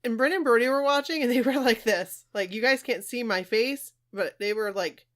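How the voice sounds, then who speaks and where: A woman's voice: fairly high pitch, moderate pace, fairly bright tone. A woman in her thirties co-hosting a podcast, chatting playfully and wandering into tangents. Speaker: podcast co-host. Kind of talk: casual chat.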